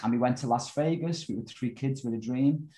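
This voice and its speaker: A man in his forties with a Liverpool accent, a guest telling his life story in a casual, animated way and often saying "you know". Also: medium pitch, brisk, rough recording. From Liverpool, England.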